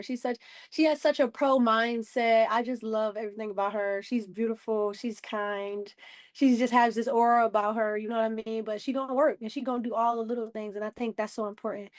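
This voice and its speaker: Quick, lively young woman athlete. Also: on the high side, dry recording, studio quality. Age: 20s. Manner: lively, laughing, slangy, lots of "you know what I'm saying". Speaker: rookie basketball player, interview guest. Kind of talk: casual interview answers.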